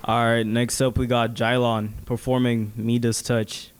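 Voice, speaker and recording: A man's voice: medium pitch, flat delivery, unhurried. Casual male emcee announcing poets. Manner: brief, casual introductions. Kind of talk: event announcements. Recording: noisy room sound.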